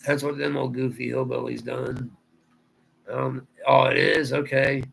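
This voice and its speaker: A man's voice: medium pitch, flat delivery, unhurried, gravelly, a bit bright, a little hiss or hum, poor audio. A man from Ohio with a Southern drawl, rambling through a casual livestream chat and answering viewer comments aloud. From Ohio, USA. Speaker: livestream host.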